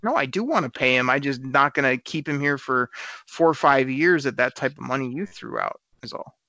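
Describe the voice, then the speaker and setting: Fast-talking man hosting sports radio. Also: mid-range voice, expressive, sharp tone, no room sound. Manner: argumentative, rapid, trips over repeated words. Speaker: sports talk show host. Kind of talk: casual sports radio chat. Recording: slightly dull lo-fi sound.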